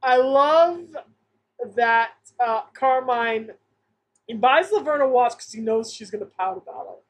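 A woman's voice: a little high, measured pace. A woman co-hosting a casual podcast chat about an old sitcom, laughing often and joking. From Massachusetts. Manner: laughs often, animated, jokey. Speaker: podcast co-host.

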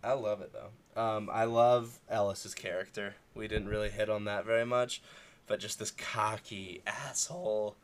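A man chatting casually about a movie as a co-host, animated, swearing and acting out scenes. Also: fairly low pitch, a little slow.

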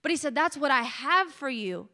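A woman gives an impassioned sermon, her voice high and bright. She builds to emotional peaks as her voice cracks with feeling. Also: lively intonation, normal speed. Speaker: preacher. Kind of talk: sermon testimony.

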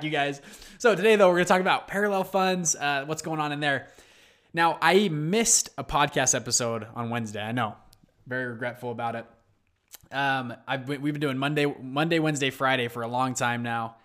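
A man's voice: medium pitch, fairly quick. Upbeat young man hosting a podcast. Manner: energetic, chatty storytelling. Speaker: podcast host. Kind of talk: casual solo podcast talk.

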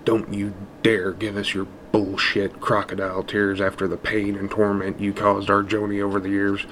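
A man's voice: lowish voice, monotone, moderate pace, a bit bright, slight background noise, close to an everyday voice. A man voicing a furious, grieving old father who once worked in a mill, speaking in a snarling, hostile way.

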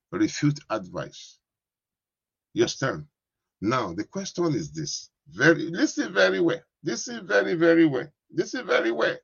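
A man's voice: medium pitch, creaky, a bit bright, breathy edge, no room sound, muffled recording. A man preaching a sermon as a pastor, repeating himself and often asking the congregation if they understand. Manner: repetitive, keeps asking "you understand?".

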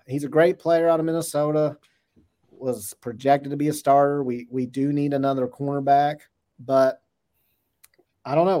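A man co-hosting a sports podcast, talking excitedly about recruits with joking trash talk and rapid bursts. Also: mid-range voice. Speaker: podcast co-host.

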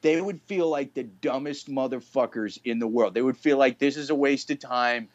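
A man's voice: medium pitch, normal speed, no echo, highs cut off. A young man co-hosting a casual podcast chat, talking bluntly and mockingly with a lot of swearing. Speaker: podcast co-host.

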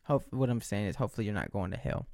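A man's voice: on the low side, very fast, vocal fry, a little mellow, dry recording, studio quality. Rambling, joking man in his late twenties. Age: 20s. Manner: joking, self-mocking, rambling with frequent restarts. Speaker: vlogger. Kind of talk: casual rambling monologue. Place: indoors under bright lights.

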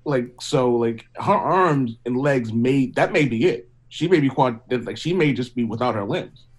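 A man's voice: medium pitch, unhurried, husky, poor audio. A man talking through his opinions in casual chat, rambling with lots of fillers. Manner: rambling, lots of "like" and "you know what I mean". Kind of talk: casual discussion.

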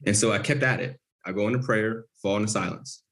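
A man's voice: lowish voice, brisk, a bit bright. A man as an interview guest, telling a personal story in an earnest, vivid way.

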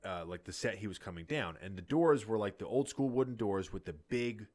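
A man's voice: on the low side, animated, a little fast, a little mellow. A man casually telling a rambling, profane story in a podcast chat.

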